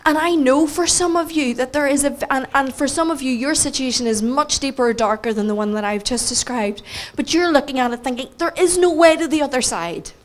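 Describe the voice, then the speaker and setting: A woman's voice: high-pitched, brisk, hardly any pauses. Northern Irish woman preaching with humour. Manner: animated, self-mocking storytelling with acted quotes. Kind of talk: storytelling sermon.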